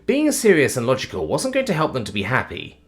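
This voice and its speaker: A man's voice: mid-range voice, wildly swooping pitch, brisk, faint music behind. Wry male story narrator. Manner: wry, casual. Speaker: audiobook narrator. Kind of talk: first-person story narration.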